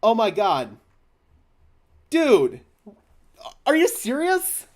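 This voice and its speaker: A young man hosting a fan live stream, stammering and overwhelmed, swinging from hushed thanks to shouting. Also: very high voice, wildly swooping pitch, very slow. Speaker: fan channel host.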